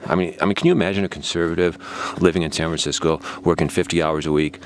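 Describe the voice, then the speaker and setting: Heated deep-voiced man ranting. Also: steady tone, fast, a little hiss or hum. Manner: repetitive, heated, sarcastic. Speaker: political vlogger. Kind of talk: ranting monologue.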